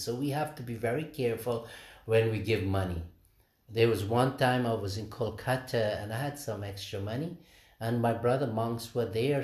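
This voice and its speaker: A man's voice: fairly low pitch, reverberant. A man, a swami, giving an informal morning talk with stories, quoting others and restarting phrases as he goes. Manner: storytelling, quotes others, frequent restarts.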